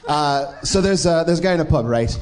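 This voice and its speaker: A man's voice: fairly high pitch, expressive, brisk. A man from New York State, an improv theater owner called up from the audience, telling a story joke on stage with flustered tangents. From New York State, USA.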